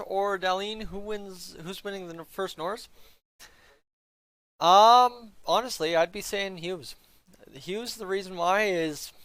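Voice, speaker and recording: A man's voice: fairly high pitch, a bit bright, no echo. A man live-streaming as a hockey fan, chatting casually to his viewers in a rambling way and stumbling over names, on a headset mic. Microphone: headset mic he flips up to mute.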